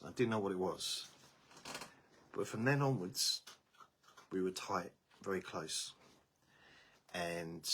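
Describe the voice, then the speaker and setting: A man chatting casually on a live stream from home, talking slowly and meandering, his voice tiring. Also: sits low, a bit bright, slightly rough.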